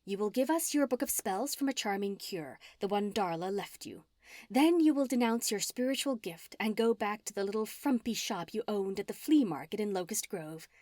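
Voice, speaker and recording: A woman's voice: mid-range voice, lively intonation, moderate pace, a little mellow, no echo, clean studio sound, lightly acted. A woman voicing a gloating evil witch. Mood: commanding. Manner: gloating, sneering, at times hissed. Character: sinister scheming female witch villain, gloating.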